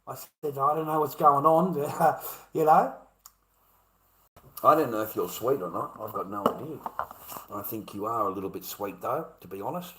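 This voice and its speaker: A man's voice: medium pitch, lively intonation, normal speed, fairly bright tone, echoey room, poor audio. A man telling a rambling personal story, full of slang and calling the listener mate and bro. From Australia.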